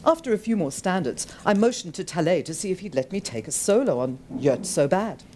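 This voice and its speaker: Woman author reading her book out loud, low-ish voice that jumps all over, faint hiss in the room. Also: a little fast. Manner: expressive, animated storytelling with voiced characters. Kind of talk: reading her novel aloud at a live book event. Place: bookshop event.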